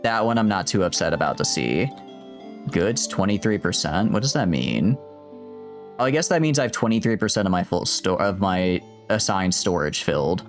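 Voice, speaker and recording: A man streaming a game, rambling and joking with his chat in casual gameplay commentary. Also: fairly low pitch. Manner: rambling, jokey, talks to chat.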